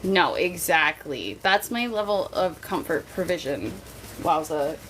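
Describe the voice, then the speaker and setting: A woman's voice: deep voice, animated, a little slow, fairly bright tone, slight background noise. A woman streaming live, a mother chatting candidly with her viewers in a jokey, casual way and swearing now and then. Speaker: livestreamer.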